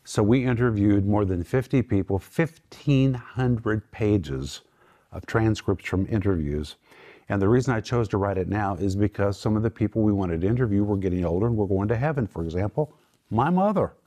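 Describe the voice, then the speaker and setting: A man's voice: on the low side, animated, moderate pace, warm tone. Man, middle-aged, Bible teacher, emphatic, voice rises on quotes. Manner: emphatic, lifts voice for quoted words.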